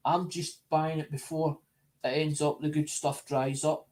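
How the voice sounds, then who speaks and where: A coin-collecting vlogger with a slightly high, mellow voice and fairly flat pitch speaks off the cuff in a casual, rambling monologue. He drifts between ideas, repeats words and restarts phrases, chatting unhurriedly with his supporters as if they were regular viewers.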